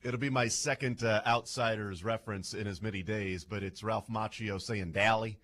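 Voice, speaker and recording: A man's voice: on the low side, steady tone, moderate pace, fairly bright tone. A man hosting a sports radio show, chatty and playful as he jokes with his co-hosts. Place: radio studio.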